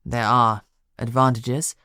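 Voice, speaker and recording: A woman narrator voicing a calm, immortal male dragon shifter who speaks in a measured, even way. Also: a bass voice, no echo, studio quality, voice pushed down, heavily acted. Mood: gentle.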